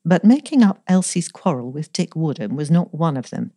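A woman with a low, mellow voice reads a story aloud in a measured, gently expressive way. The recording is close and dry, with no room sound. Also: no room sound. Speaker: story reader. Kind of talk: scripted narration with light character voices.

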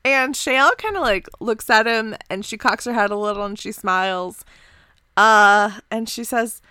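A woman narrating as game master in a relaxed, chatty way with many fillers. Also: medium pitch, normal speed, clear, resonant tone, dry recording. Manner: relaxed, filler-heavy, giggly.

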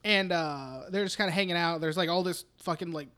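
Bright-voiced man recapping a movie. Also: on the high side, brisk. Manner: profane, rambling retelling with acted-out quotes. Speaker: podcast co-host. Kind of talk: casual chat, recapping a film.

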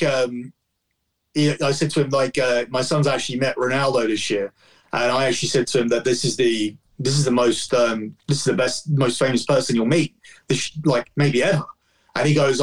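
A man's voice: medium pitch, normal speed. A man in his forties telling a long rambling story in casual podcast chat, full of fillers and restarts. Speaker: guest fan.

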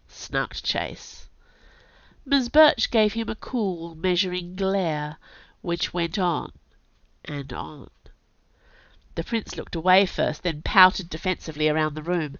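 A woman with a cold, an author reading her own story aloud with clear storytelling and chatty asides. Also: on the low side, animated, unhurried, a bit bright, no echo. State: has a cold. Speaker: author and podcast narrator. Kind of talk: audiobook narration. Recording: dull, dry home recording.

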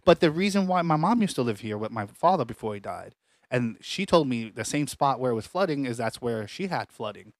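A man at a mid pitch co-hosts a podcast from home. He tells the story casually, with many restarts and animated reenactments of what others said, and the sound is close and dry, with no room echo. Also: brisk. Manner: rambling, frequent restarts, animated retellings. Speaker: podcast co-host. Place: home apartment.

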